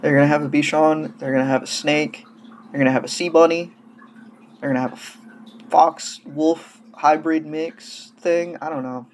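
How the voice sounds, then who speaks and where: A man's voice: on the high side, steady tone, moderate pace, a little hiss or hum. A man casually gushing and rambling through hobby news in a vlog, coming down with a cold and sounding feverish. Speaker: doll-hobby vlogger.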